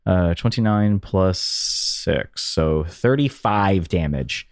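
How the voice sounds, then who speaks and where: A man's voice: sits low, animated, slow, dry recording, clean studio sound. A man playing a tabletop game, joking and thinking aloud as he tallies his dice rolls. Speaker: player.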